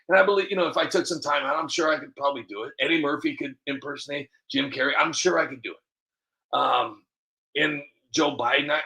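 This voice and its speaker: Creaky, bright-voiced man rambling. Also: on the high side. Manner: rambling, many restarts and fillers, laughs at himself. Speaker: video creator. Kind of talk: casual rambling monologue.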